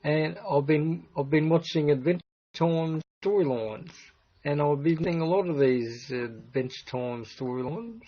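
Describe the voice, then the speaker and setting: Guy rambling on his livestream, husky voice, muffled lo-fi sound. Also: a little high, unhurried. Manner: meandering, with many restarts. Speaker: livestream host. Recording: dull lo-fi stream audio.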